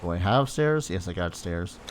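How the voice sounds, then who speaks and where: A man's voice: deep voice, animated, moderate pace, slight background noise. A man streaming a game, giving casual commentary and muttering to himself with self-teasing remarks.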